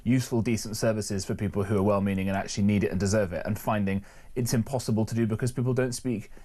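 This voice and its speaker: A man's voice: lowish voice, steady tone, fast talker, mellow. A man co-hosting a radio talk show, enthusiastic and jokey in his banter. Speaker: radio co-host.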